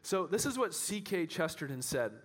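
Man, pastor, high-pitched, animated sermon, builds to shouting, restarts sentences, church. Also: normal speed.

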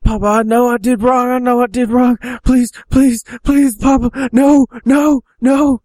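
A man's voice: extremely high pitch, little pitch movement, unhurried, a little mellow, no room sound, clean studio sound, voice pushed up. A man voicing a terrified young son begging his father for mercy in a pleading, whimpering voice.

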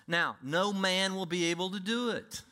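A man preaching a sermon to his congregation, emphatic, with sudden swings between loud and quiet delivery. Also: sits high, normal speed. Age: older. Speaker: pastor.

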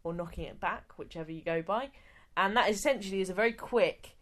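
A woman's voice: mid-range voice, brisk. A woman co-hosting a podcast, explaining things step by step in a chatty, joking way. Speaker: podcast co-host. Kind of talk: casual chat.

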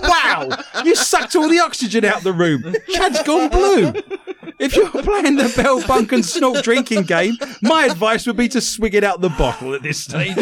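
Man, comedy quiz host. Wry and teasing, animated pitch, heavy audience laughter. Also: moderate pace, few pauses, a crowd in the background. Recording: loud audience laughter behind.

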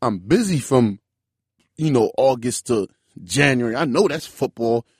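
A man in his twenties telling a story in loose casual chat, animated and full of "bro" and "like". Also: medium pitch, measured pace, slightly rough, dry recording, studio quality. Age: 20s. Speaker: podcast guest.

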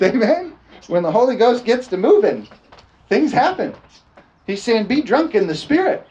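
Chuckling preacher with a fairly high voice. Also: male voice, lo-fi sound, slight background noise. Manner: animated, chuckling, frequent call-and-response "amen?". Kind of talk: sermon. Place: church service, also streamed online.

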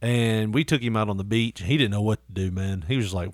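A man's voice: lowish voice, fast talker, hardly any pauses, no echo, clean studio sound. A man hosting a casual chat, rambling through stories with frequent swearing and laughter. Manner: rambling storyteller, swears often, laughs a lot. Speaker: podcast host.

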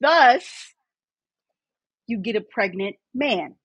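A woman's voice: fairly high pitch, animated, slow pace, slightly rough, no room sound, highs cut off. A woman in casual chat, talking in an exasperated, emphatic way.

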